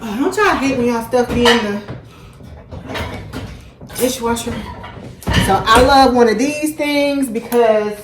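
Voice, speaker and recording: A chatty woman talks her viewers through a home-cooked meal, her voice a touch high. It is caught by a camera on a tripod in a kitchen that rings with echo. Pots and dishes clatter clearly behind her. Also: slow pace, pauses often, background noise. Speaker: vlogger cooking at home. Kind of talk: casual cooking vlog chat.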